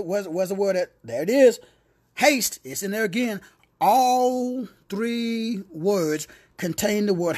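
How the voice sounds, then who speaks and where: A man leads a word study like a sermon, with a fairly high, husky voice. His pitch rises and falls widely as he repeats phrases and calls out listeners one by one. He breaks off into playful, teasing asides. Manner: animated, repetitive, calls listeners by name. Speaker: spiritual word-study teacher. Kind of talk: preacher-style lecture.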